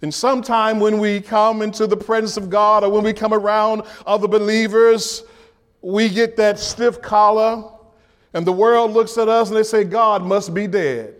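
Guy preaching a sermon, kinda high voice, repeats himself, gets loud sometimes. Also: flat delivery, normal speed, smooth. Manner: preaching, repeats key lines, rises to shouts, call-and-response questions. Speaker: pastor.

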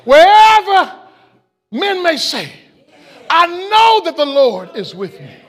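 High-voiced preacher shouting a sermon. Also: male voice, wildly swooping pitch, takes it slowly. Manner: impassioned, shouting call-and-response preaching. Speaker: pastor. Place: church sanctuary.

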